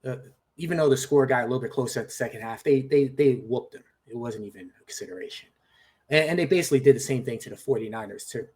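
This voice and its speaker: A man's voice: mid-range voice, fast, darkish tone. A man co-hosting a podcast, chatting casually about football betting, thoughtful and hedging. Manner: thoughtful, hedging, laughs at own jokes. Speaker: podcast co-host. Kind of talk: casual sports betting chat.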